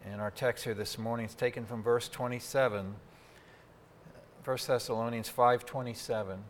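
A man's voice: medium pitch, steady tone, moderate pace, a little hiss or hum. A man preaching a sermon from a church pulpit into a microphone, in a folksy, conversational way with asides to the congregation. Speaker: pastor. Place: church sanctuary.

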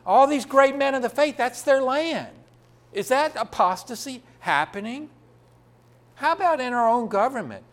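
A man's voice: very high voice, lively intonation, normal speed, fairly bright tone. A man preaching a sermon, asking the congregation rhetorical questions and answering them himself.

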